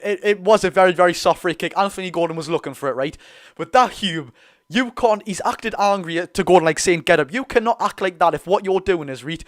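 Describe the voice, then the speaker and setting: A young man with a Geordie accent hosting a live football watch-along, chatty and excitable, bursting into loud reactions. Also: high voice. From North East England. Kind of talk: live fan commentary.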